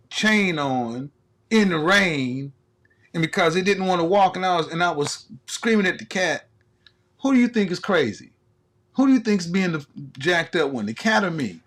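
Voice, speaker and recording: Animated, profane man ranting on a live stream. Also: high voice. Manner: animated, profane, laughs often. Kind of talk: casual comedic live stream rant.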